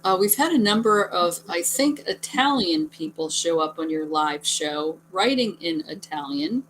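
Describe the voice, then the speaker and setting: A woman's voice: on the low side, expressive, a little slow, a bit bright, a little hiss or hum, poor audio. A woman co-hosting a live show who briefly relays viewer questions in a matter-of-fact way. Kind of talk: live online talk show.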